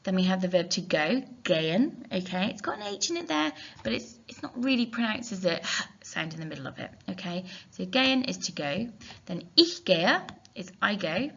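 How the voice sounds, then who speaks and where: A woman's voice: mid-range voice, big pitch swings, normal speed, vocal fry, fairly bright tone, husky. A woman teacher, explaining a recorded lesson step by step, spelling words out and thinking aloud on a dull, lo-fi recording. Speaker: German teacher.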